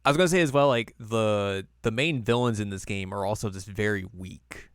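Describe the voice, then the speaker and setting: A man's voice: on the low side, brisk, smooth, no room sound, studio quality. A man co-hosting a podcast, rambling in casual chat full of "like" fillers. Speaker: podcast co-host.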